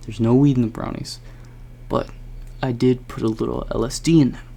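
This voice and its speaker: A man's voice: fairly even intonation, normal speed, vocal fry, slightly rough. A man voicing a laid-back young male friend who hosts a party and brushes off worries. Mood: dismissive. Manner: casual, brushing off worry, higher and louder.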